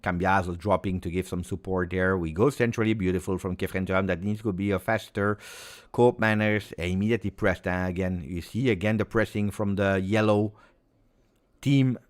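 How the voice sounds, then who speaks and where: A man giving live football reaction commentary, excitable play-by-play mixed with exclamations. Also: low voice, moderate pace. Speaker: football watch-along streamer.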